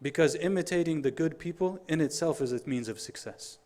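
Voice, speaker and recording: A middle-aged man giving a Friday sermon, telling stories in an animated way, acting out the dialogue and reciting quotations quickly. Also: fairly high pitch. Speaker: preacher.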